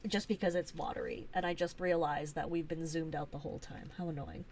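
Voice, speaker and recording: A woman's voice: deep voice, brisk, vocal fry, a little mellow, a little hiss or hum. A woman hosting a casual live stream, chatty and gushing, with lots of fillers as she shows things off.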